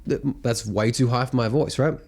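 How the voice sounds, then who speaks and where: With a medium-pitched, slightly mellow voice, the singing coach keeps a steady tone at normal speed. His casual, blunt lesson to camera is punctuated by hums and sung demonstrations.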